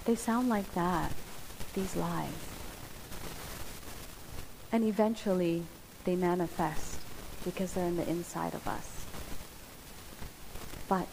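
A woman giving a sermon, speaking earnestly with pauses and restarts. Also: medium pitch, darkish tone. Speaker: preacher. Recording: hissy hall with long reverb.

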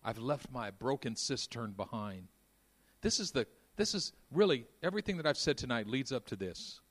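A man preaching a sermon, moving between quiet intimate passages and loud, fervent stretches. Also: medium pitch, lively intonation, normal speed. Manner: dynamic, swings from hushed to shouting.

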